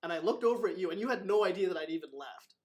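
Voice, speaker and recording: A man's voice: high-pitched, rapid-fire. A man hosting a casual talk as a martial arts instructor. He tells his stories in a rambling way, full of fillers and acted quotes. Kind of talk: casual storytelling chat.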